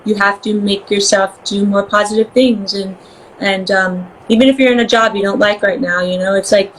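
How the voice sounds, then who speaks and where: A woman guest in a casual interview chat, bubbly and quick to laugh, acting out voices as she tells stories. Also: mid-range voice, fairly even intonation, slight background noise, low-quality recording.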